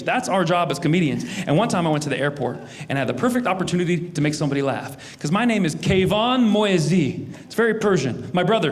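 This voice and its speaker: A male stand-up comedian telling self-mocking stories on stage to a live audience. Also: sits high. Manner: animated, self-mocking, storytelling. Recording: live room with audience laughter and noise.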